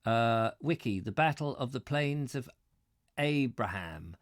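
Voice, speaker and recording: A man's voice: medium pitch, animated, takes it slowly, no echo, clean studio sound. English man chatting while reading live. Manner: chatty, muses aloud over viewer comments, stumbles on names. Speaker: host reading a book live and answering comments. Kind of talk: live-stream reading and casual chat with viewers.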